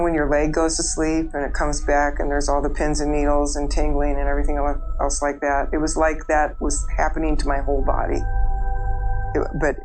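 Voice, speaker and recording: A woman with a low, level voice tells her story as personal testimony. She speaks haltingly, with frequent pauses and fillers. Faint music plays underneath. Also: poor audio. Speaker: interviewee.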